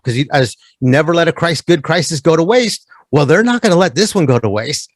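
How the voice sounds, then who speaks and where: A man's voice: on the high side, expressive, fairly quick, hardly any pauses, dry recording. A man who is a guest on a casual podcast, talking animatedly and slipping into mocking voices of other people.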